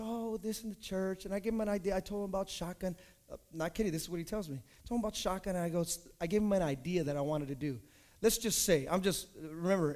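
High-voiced preaching man. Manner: storytelling, building to shouted preaching. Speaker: pastor. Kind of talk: sermon.

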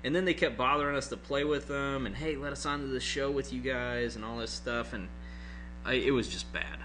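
A man's voice: medium pitch, steady tone, brisk, bright, forceful tone, faint music behind. A man telling a story in casual chat, rambling and hesitant.

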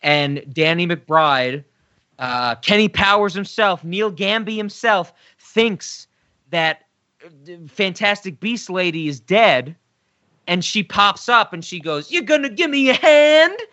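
A man co-hosting a podcast, chatting casually about films and getting animated when he rants. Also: sits high, slow, muffled recording. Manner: animated, gets loud and excited when ranting. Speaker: podcast co-host. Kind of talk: casual film discussion.

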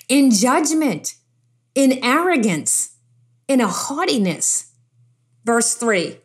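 A woman with a fairly high, husky voice preaches a sermon emphatically yet conversationally. She repeats phrases for stress and slips casual asides in between scripture readings.

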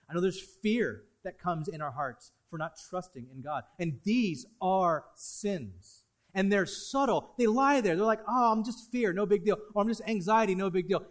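A man preaching a sermon to his congregation, swinging between loud, pressing emphasis and quiet, hushed asides. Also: sits high. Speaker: pastor.

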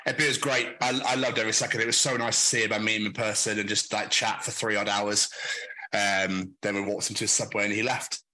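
A man's voice: lowish voice, level tone, fairly quick, bright, forceful tone, low-quality recording. A young British man co-hosting a podcast, chatting loosely, laughing often and swearing freely. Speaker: podcast co-host. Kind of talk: casual chat.

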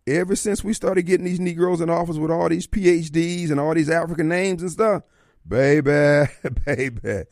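Male radio host; folksy, theatrical monologue, pitch bounding all over, a touch high. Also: no room sound, clean studio sound. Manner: theatrical, folksy, slips into voices and asides. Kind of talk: opinionated talk radio monologue. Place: radio studio.

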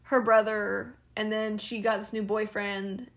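A woman's voice: mid-range voice, flat delivery, measured pace. A young woman of about twenty, venting casually on her own podcast, rambling with lots of fillers and laughing now and then. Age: young adult. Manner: rambling, filler-heavy, candid, frequent laughs. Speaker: podcast host.

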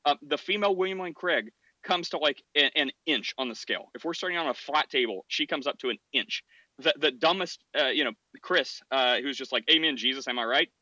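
A man hosts a podcast, pressing his point in animated, stammering bursts and laughing between sentences. His voice sits a bit high and rings bright and forceful. The recording is dry and slightly muffled. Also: a little fast, dry recording. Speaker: podcast host. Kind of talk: casual debate chat.

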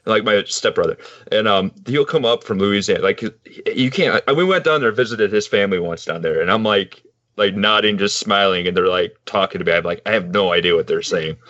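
A man co-hosting a podcast, chatting casually, animated and laughing often. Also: lowish voice, brisk. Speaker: podcast co-host. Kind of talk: casual chat. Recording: dry, dull lo-fi sound.

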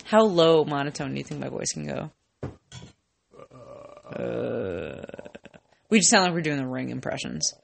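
A woman's voice: sits low, lively intonation, fast, creaky, hardly any pauses, slight background noise. A tipsy woman co-hosting a podcast, rambling and giggling as she chats, with lots of "like". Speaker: podcast co-host. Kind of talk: casual chat.

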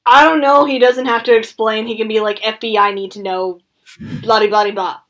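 Laughing, animated woman podcast host. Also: on the high side, brisk. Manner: animated, laughs often, trails off. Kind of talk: casual chat.

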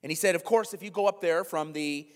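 A male pastor preaching a conversational sermon to his congregation, animated, with frequent asides to the room. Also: a little high, fast. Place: church hall, live congregation. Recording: long hall reverb.

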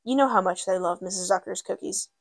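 A weary middle-aged aunt, shaken and grieving, voiced by a woman narrator. The sound is dry and close, with a mid-range pitch. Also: fast talker, gravelly, no echo. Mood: distressed.

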